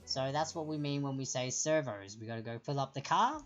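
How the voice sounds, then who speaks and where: A woman's voice: very deep voice, a little fast, faint music behind. An Australian woman hosting a live-streamed trivia quiz, chatty and explanatory as she reads out the answer options. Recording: dull lo-fi stream audio.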